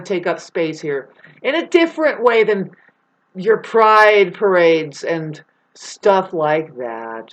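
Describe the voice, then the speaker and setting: In a dull lo-fi recording, a woman with a lowish, sing-song voice speaks slowly. She's vlogging a rambling spiritual monologue, cursing freely and getting angrier and louder as she goes.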